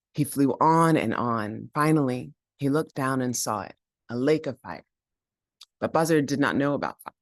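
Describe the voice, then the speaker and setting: Male storyteller, animated and playful. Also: mid-range voice, dry recording, studio quality. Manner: animated, playful, with sound-effect chants. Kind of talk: telling a folk tale aloud.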